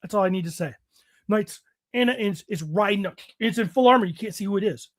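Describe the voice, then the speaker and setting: A man with a high-pitched voice chats casually as a podcast co-host. He gets excited and rambles, swearing freely. The sound is dry and close. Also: a little fast, dry recording. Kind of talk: casual chat.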